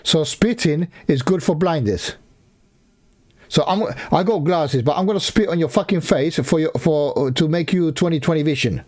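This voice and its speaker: A man's voice: on the high side, normal speed, darkish tone. A man ranting in a reaction video, swearing heavily and mocking the speaker he is watching. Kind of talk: profane ranting reaction commentary.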